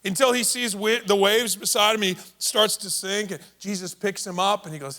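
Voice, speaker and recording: Bright-voiced, high-pitched male pastor. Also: steady tone, moderate pace, hardly any pauses. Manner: conversational storytelling, playful asides. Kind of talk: sermon.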